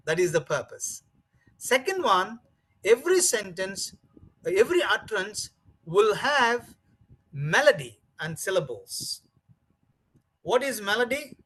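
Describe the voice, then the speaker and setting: High-voiced man lecturing teachers. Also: very animated, a little slow, pauses often, bright, forceful tone, husky, rough recording. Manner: repetitive, emphatic, many fillers. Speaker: teacher trainer. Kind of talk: training lecture.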